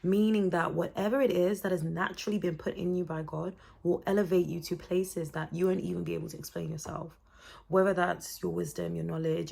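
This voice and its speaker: Gravelly-voiced young woman. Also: on the low side. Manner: chatty, expressive, faith-based encouragement. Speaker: vlogger. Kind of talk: motivational talk to camera.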